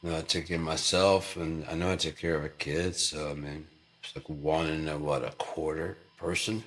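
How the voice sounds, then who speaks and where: A man's voice: a bass voice, flat delivery, moderate pace, fairly bright tone, a little hiss or hum. A man vlogging in a rambling, profane, joking monologue.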